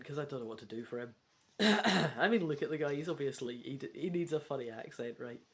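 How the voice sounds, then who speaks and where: A woman with a low voice reads a gamebook aloud and comments on every choice in a chatty, self-mocking way. Her pitch swings widely as she talks, and she sometimes drops into a whisper. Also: expressive, brisk. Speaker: gamebook reader. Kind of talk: casual gamebook playthrough with reading aloud.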